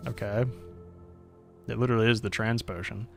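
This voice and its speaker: A man streaming a game, reacting with quick jokes, laughter and swearing. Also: mid-range voice, fairly bright tone, faint music behind. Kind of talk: gameplay commentary.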